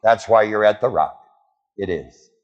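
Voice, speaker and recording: A man's voice: fairly low pitch, a little slow, dull audio. A man preaching a sermon, quizzing his congregation with call-and-response questions. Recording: long hall reverb.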